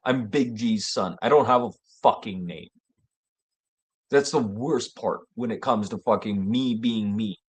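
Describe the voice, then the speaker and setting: Guy host, low voice, loose, profane, rambling delivery. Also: a little slow, slightly rough. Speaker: show host. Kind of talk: casual rambling monologue.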